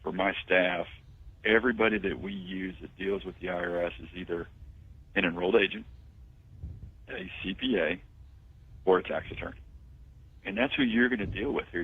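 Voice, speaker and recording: A man, a tax firm owner, pitching his services confidently as a guest phoning into a radio talk show. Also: very animated, fairly quick, gravelly, husky. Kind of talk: radio phone-in interview. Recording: tinny phone line.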